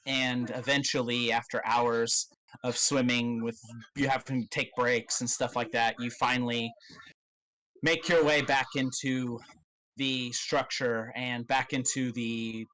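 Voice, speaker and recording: A man narrating as game master of a tabletop game, in a loose, halting way with many fillers and casual swearing. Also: medium pitch, flat delivery, pushed and bright, low-quality recording.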